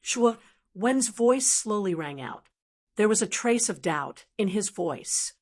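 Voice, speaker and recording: A woman's synthetic voice reading an audiobook in even, steady scripted narration. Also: mid-range voice, takes it slowly.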